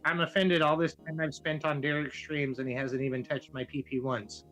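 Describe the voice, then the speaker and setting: A man's voice: on the high side, little pitch movement, normal speed, bright, forceful tone, soft background music, poor audio. A man from Canada joining a livestream chat, trading teasing, profane banter. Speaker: stream guest.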